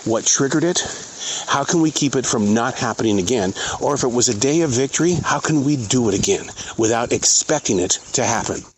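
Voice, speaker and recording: A middle-aged man hosting his own show, speaking in an earnest, halting, reflective way while out in a forest. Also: mid-range voice, animated, a little hiss or hum, low-quality recording. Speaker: podcast host. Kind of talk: reflective spoken monologue. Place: outdoors in a forest.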